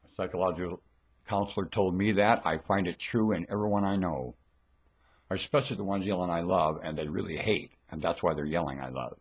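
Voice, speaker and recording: A man giving a rambling, scornful religious monologue into a webcam at home, dropping to low mutters and then bursting into shouts. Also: fairly quick, husky, muffled recording. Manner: preachy, scornful, lectures the listener.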